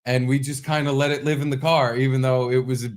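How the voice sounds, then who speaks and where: A man's voice: mid-range voice, fairly quick. A man co-hosting a podcast, telling stories in casual comedic chat with lots of swearing and animation. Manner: profane, animated storytelling. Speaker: podcast co-host.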